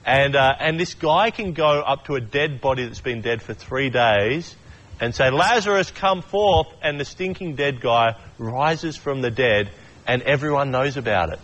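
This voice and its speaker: A man's voice: medium pitch, normal speed, fairly bright tone, dull audio. A man giving a casual sermon, chatty and joking, acting out quotes and often restarting his sentences. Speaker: preacher.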